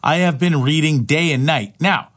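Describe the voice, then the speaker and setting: Middle-aged guy podcasting solo, swears a lot, kinda high voice, keeps restarting. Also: moderate pace, a bit bright. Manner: rambling, profane, frequent restarts. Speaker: podcast host. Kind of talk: casual solo podcast monologue.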